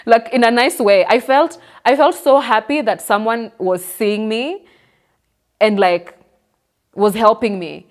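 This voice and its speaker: A woman's voice: on the high side, lively intonation, measured pace. Candid young woman telling her story. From Kenya. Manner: candid, frequent "you know" and "like", voice rises when emotional. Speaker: guest. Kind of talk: personal story in an interview.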